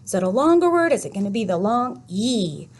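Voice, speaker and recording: A woman teaching a children's phonics lesson, telling a little story slowly and playfully with sound effects. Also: medium pitch, big pitch swings, a little mellow.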